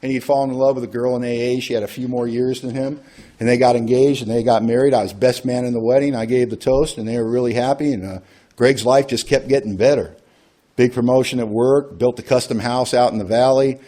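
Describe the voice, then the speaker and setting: Man, workshop speaker, mellow dark tone, casual storytelling, acts out quotes. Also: mid-range voice, fairly even intonation, fairly quick. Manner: conversational, acts out quoted dialogue. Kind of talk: personal storytelling talk.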